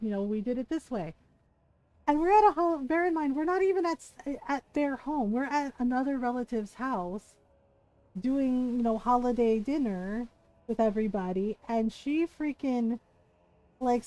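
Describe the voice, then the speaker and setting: A woman's voice: high-pitched, dark tone, dry recording, poor audio. A woman game streamer chatting casually, animatedly telling a personal story, quoting people and laughing often. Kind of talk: casual storytelling chat while gaming.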